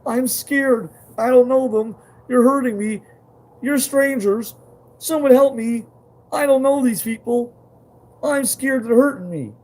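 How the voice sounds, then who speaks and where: A man's voice: drawn-out words, bright, forceful tone, raised voice, exaggerated voice. A terrified little boy. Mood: pleading. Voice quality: high, strained and pleading.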